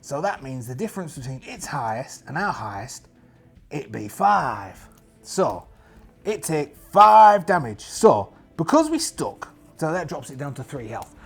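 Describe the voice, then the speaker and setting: A man's voice: fairly high pitch, creaky, slightly rough. A man narrating a solo tabletop game in character, chatty and jokey, talking to himself as he rolls dice. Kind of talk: in-character actual-play narration.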